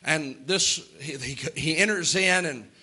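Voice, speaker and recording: A man's voice: on the high side, unhurried, bright, forceful tone, slightly rough. A man preaching a sermon with impassioned delivery, acting out the lines of Bible characters.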